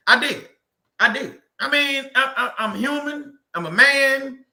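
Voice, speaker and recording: Guy preaching to his live chat, high sharp voice, keeps repeating himself, echoey room. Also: expressive, a little slow. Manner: emphatic, repeats phrases, reads out viewer comments. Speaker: faith channel host. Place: indoor room at a desk.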